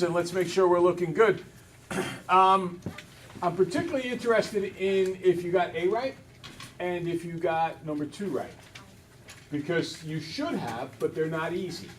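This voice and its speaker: A man teaching a math class, brisk and teasing, talking to students in a classroom. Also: high-pitched, a bit bright, recorded from a distance.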